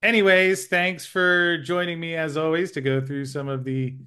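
A man hosting a weekly chat over a call, light and joking, quick to giggle at his own asides. He keeps the talk loose and friendly as he steers it toward the wrap-up. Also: fairly high pitch, flat delivery, bright, forceful tone, clear, resonant tone. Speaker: show host. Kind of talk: casual chat. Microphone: remote call.

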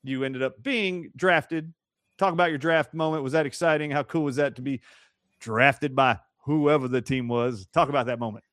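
A man's voice: medium pitch, moderate pace, a bit bright, no echo, studio quality. A man interviewing a former football player, prompting him with short, encouraging questions. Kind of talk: conversational interview.

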